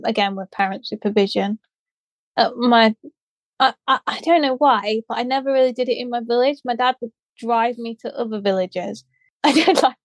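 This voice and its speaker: A woman's voice: a little high, no room sound. A young woman co-hosting a casual chat show, rambling through stories with frequent laughs. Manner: chatty, laughs often, rambling asides. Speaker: podcast co-host.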